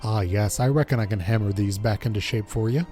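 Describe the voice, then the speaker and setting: A jovial, rambling middle-aged blacksmith with a mild dialect, as a streamer puts him on, boasting of his own work in a folksy way. The voice sits at a middle pitch with a mellow, warm tone, and faint music plays underneath. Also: fairly quick, natural voice. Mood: chatty. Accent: mild put-on dialect. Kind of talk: reading game dialogue aloud on stream.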